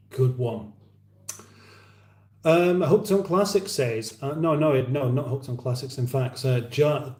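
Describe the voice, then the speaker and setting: An English man with a medium-pitched, darkish voice hosts a casual livestream chat. He rambles with dry humour while reading out viewer comments, and the room gives his voice a roomy echo.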